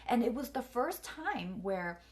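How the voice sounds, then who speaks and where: A woman's voice: on the high side, very animated, unhurried. A young woman telling a personal story candidly, full of fillers and close to tears. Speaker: vlogger and coach.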